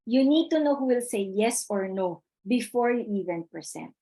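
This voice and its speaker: A woman's voice: a little high, expressive, normal speed, dark tone, rough recording. Woman teaching a webinar on a computer mic, chatty, keeps repeating the main point. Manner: chatty, repeats key points, reads chat aloud. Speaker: webinar presenter. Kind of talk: live webinar talk.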